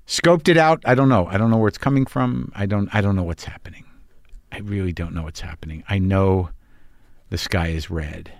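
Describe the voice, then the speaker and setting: A man's voice: deep voice, a little fast, creaky, no room sound. Profane rambling man, dry close sound. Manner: profane, wry, anxious rambling. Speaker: podcast host. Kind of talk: rambling casual monologue. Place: lives on the West Coast.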